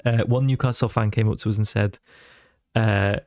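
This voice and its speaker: Chatty man telling animated stories. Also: fairly low pitch, measured pace, no echo, clean studio sound. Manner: animated storyteller who slips into voices. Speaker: podcast guest. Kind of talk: casual chat.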